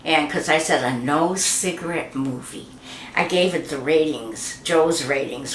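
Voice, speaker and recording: Unhurried and deep-voiced, an older woman chats through an interview about her memories, acting out the voices in her stories. The room has a noticeable echo, and there's slight background noise.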